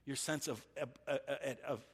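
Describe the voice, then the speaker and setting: A man preaching a sermon in an earnest, halting way, often restarting his phrases. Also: mid-range voice, fairly even intonation, slightly rough. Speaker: pastor.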